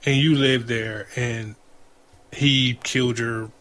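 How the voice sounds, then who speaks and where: A man co-hosting a relaxed podcast conversation. He talks loosely, in slang, circling back and repeating himself as he makes his point. His voice sits at an ordinary middle pitch. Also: takes it slowly. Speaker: podcast co-host. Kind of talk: casual chat.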